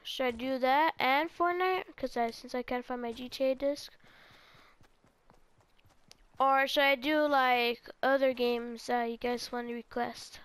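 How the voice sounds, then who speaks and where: A woman's voice: sits high, a little slow, fairly bright tone, clean tone. A teenage girl giving casual, rambling gameplay commentary and talking straight to her viewers. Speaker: gaming video creator.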